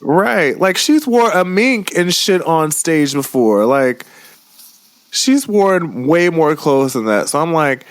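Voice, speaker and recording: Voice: medium pitch, big pitch swings, slow pace, clean tone, no echo. A podcast co-host in casual, profane chat who laughs hard at the stories.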